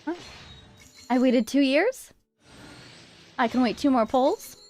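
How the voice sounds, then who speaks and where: A woman streaming a game, commenting in an excitable, gushing way with frequent laughter and squeals. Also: high-pitched, slow pace, soft background music. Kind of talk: gameplay livestream commentary.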